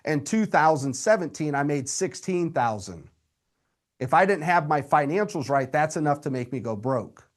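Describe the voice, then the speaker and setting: A man's voice: fairly high pitch, normal speed. Upbeat man coaching live. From Indiana, USA. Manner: energetic, direct, talks straight to the audience. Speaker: real estate coach.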